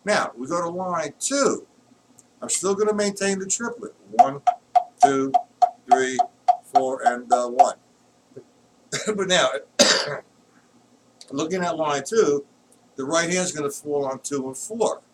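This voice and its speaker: A man teaching drums in a live-streamed lesson, explaining patterns patiently and counting beats aloud loudly while he plays. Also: a little high, measured pace, long pauses, heavy background noise. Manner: explains patiently, checks if students follow. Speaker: drum teacher. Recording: distant mic with loud drumming.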